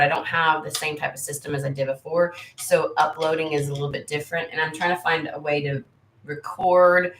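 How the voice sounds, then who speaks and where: A rambling American woman talks casually to her viewers as a tarot channel host, candid and freely swearing. Her voice sits low, and the sound carries a roomy echo. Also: pushed and bright, a little hiss or hum. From United States. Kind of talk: casual livestream chat with viewers.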